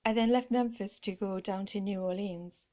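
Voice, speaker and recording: A woman's voice: medium pitch, steady tone, normal speed. A woman with a playful, theatrical and self-mocking way of talking, showing off vintage clothes in a light-hearted chat. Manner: theatrical and self-mocking, often drops to a hush. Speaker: vlogger.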